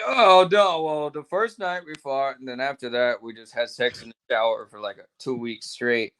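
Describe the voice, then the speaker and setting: A man's voice: medium pitch, normal speed, fairly bright tone, clear, resonant tone. Crude, teasing podcast man. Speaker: podcast co-host. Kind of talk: casual podcast banter.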